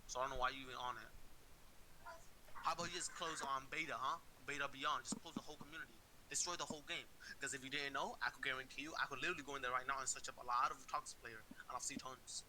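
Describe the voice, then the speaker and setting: Young guy ranting in casual chat, slangy, bright sharp voice, a bit of hiss. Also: mid-range voice, fast talker, rough recording. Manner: animated, ranting, mocking, slangy. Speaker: co-host reviewing a video. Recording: faint hiss.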